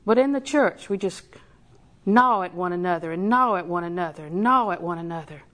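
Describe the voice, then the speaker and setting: An older woman preaching a sermon in a folksy, storytelling way, with slow emphatic repetition. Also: lowish voice, lively intonation, fairly bright tone.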